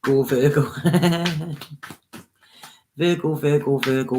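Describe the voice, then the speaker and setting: A woman's voice: low-pitched, lively intonation, unhurried, noisy background. A woman reads tarot in an earnest, coaxing way, and she sounds close to tears. She keeps checking in with her listeners and urges them on with feeling. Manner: earnest, coaxing, with frequent "okay?" and "you know". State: near tears, emotional. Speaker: tarot reader. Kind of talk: spiritual reading, casual monologue.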